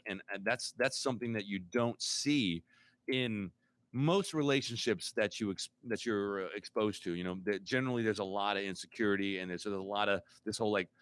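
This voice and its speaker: A man's voice: fairly low pitch, fairly bright tone. A man hosting a casual podcast chat, rambling and repeating words as he searches for them. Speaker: podcast host.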